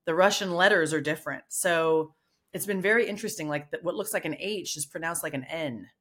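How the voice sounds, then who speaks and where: A woman's voice: low-pitched, a little fast, a bit bright, husky. A woman co-hosting a podcast, chatting in a rambling way with many restarts. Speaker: podcast co-host. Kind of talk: casual chat.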